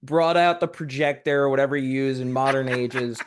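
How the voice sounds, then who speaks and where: A man's voice: mid-range voice, steady tone, moderate pace, crowd noise. A male comedian guest in casual podcast chat, rambling and hedging as he riffs.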